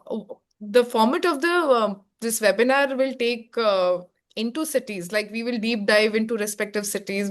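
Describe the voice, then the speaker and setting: A woman with an Indian English accent, moderating a webinar panel, her phrasing loose and full of fillers. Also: mid-range voice.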